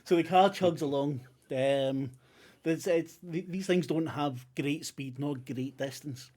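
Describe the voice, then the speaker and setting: A man's voice: a little high, measured pace, a little mellow, husky. A man narrating a tabletop game as game master, rambling with many ums and self-corrections.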